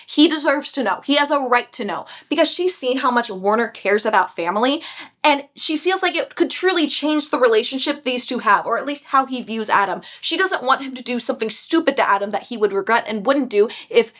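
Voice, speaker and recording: Young woman, high-pitched, casual and lively book recapper. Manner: chatty, animated retelling with quick character voices. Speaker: book reviewer.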